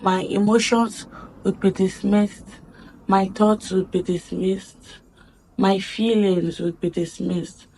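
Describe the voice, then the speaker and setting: A woman's voice: mid-range voice, steady tone, slow pace, a little mellow, a little hiss or hum. A woman speaking in a heartfelt personal vlog, earnest and reflective, repeating phrases for emphasis. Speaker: vlogger.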